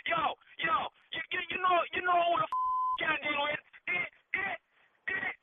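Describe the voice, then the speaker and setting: A man's voice: extremely high pitch, fairly even intonation, unhurried. A man with a Jamaican accent, the target of a prank call, arguing in heated patois and later laughing it off. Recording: phone line with crowd noise.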